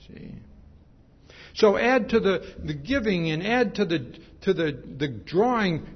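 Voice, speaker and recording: A man's voice: a little high, expressive, a little slow, slightly rough, big-room sound, dull audio. A man preaching a sermon in a conversational way, often checking in with his listeners. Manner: conversational, repeats "see?" often.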